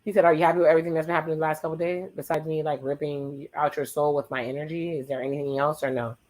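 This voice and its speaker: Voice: mid-range voice, flat delivery, low-quality recording. Casual watch-along host recapping a dating show, teasing little asides, loose chatty delivery. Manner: playful, teasing, recaps dialogue in quick asides. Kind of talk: casual reality-show commentary.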